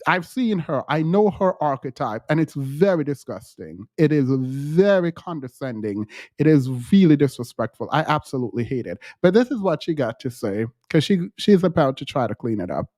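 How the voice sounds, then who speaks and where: A man's voice: a little high, big pitch swings, moderate pace, darkish tone, no echo, studio quality. A man hosting casual online commentary, ranting in an exasperated, annoyed way. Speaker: commentary host.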